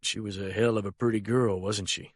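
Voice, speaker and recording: A man voicing a calculating older male colonel who talks in a low, quiet, smoothly menacing way. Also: fairly even intonation, fairly quick, no room sound, studio quality, close to an everyday voice. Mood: quietly menacing.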